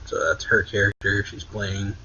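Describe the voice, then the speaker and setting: A man's voice: on the low side, completely flat delivery, normal speed, sharp tone, highs cut off, a little hiss or hum. A man casually recapping a manga chapter for a reaction channel, rambling along with lots of "like" and self-corrections. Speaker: anime reaction channel host.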